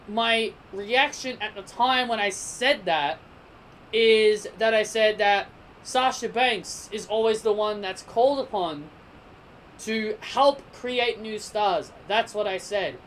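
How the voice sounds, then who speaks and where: Casting note: casual wrestling reviewer, mid-pitched, prone to heated rants, with faint background hiss. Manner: animated, gets heated and emphatic in rants; self-correcting, sidetracked chatter.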